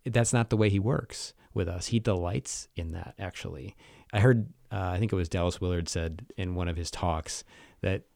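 A man's voice: sits low, normal speed, creaky, darkish tone, no echo, clean studio sound. A man co-hosting a podcast, discussing faith in a thoughtful, questioning way. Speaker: podcast co-host.

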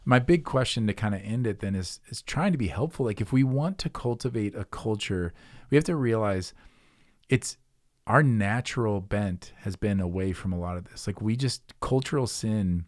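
A man's voice: lowish voice, darkish tone, no echo, clean studio sound. A man co-hosting a podcast, talking about faith in an earnest, reflective way and telling stories as he goes. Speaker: podcast co-host. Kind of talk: casual faith discussion.

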